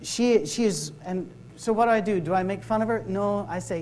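A man's voice: high voice, moderate pace, a little mellow, slight background noise, poor audio. A man, a minister giving a sermon-style workshop talk, telling stories, acting out the dialogue and joking. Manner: storytelling, acts out dialogue, joking.

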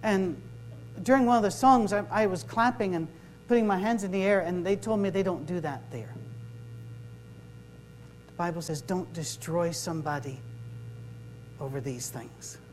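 A man's voice: high voice, moderate pace, long pauses, faint music behind, low-quality recording. Storytelling man preaching. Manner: storytelling, acts out dialogue, joking. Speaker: minister. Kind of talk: sermon-style workshop talk.

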